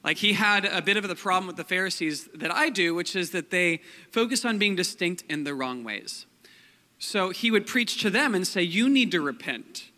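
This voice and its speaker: Bright and forceful, this young man's high voice moves at a moderate pace as he preaches a laid-back, joking sermon. His pastoral talk is packed with "like" and "um," echoing in a long hall reverb.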